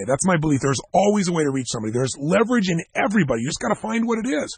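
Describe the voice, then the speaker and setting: A man speaking at a self-help seminar, telling stories emphatically and talking straight to his listeners in a gravelly, husky voice. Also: a little high, animated, very fast, dry recording. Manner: emphatic storytelling, direct address to listeners.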